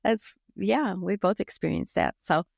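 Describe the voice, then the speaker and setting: A woman's voice: mid-range voice, measured pace, vocal fry, darkish tone, no room sound, clean studio sound. A middle-aged woman hosting a wellness podcast, upbeat, closing the episode with friendly sign-offs. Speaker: podcast host. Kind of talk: casual podcast chat and scripted outro.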